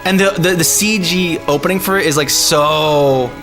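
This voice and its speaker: A man streaming live, chatting casually and excitedly, laughing often and using lots of slang. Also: a little high, normal speed. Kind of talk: casual live-stream chat over music. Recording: music playing faintly behind.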